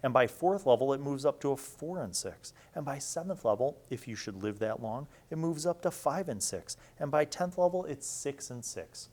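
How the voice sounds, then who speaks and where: A man's voice: mid-range voice, lively intonation, moderate pace, few pauses, a little mellow. A man gives loose, joking commentary while reading through rules. He is irreverent and swears now and then, and his voice sits in an ordinary middle range. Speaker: host. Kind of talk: casual commentary on a rulebook.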